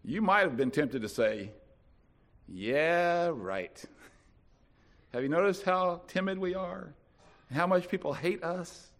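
A pastor from North Carolina, preaching a sermon with dramatic swings from soft to loud. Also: male voice, high-pitched, normal speed, gravelly.

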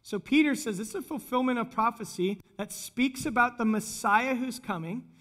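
Male pastor, middle-aged, high-pitched, conversational sermon that turns animated in the retellings. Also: normal speed.

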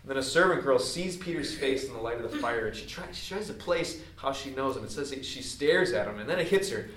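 A pastor preaching a sermon in a conversational, explaining way, with casual asides to the congregation. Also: male voice, medium pitch, lively intonation, a little fast, fairly bright tone. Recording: echoey hall, distant mic.

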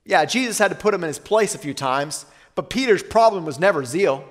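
High-voiced pastor preaching in a hall. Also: male voice, expressive. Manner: earnest, slows and softens for weighty lines. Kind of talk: sermon.

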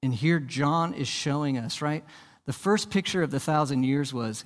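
In a church, a male pastor delivers a sermon at a moderate pace, his voice carrying a big-room sound. He poses rhetorical questions and repeats words at the start of his sentences, shifting from soft and low to loud and emphatic.

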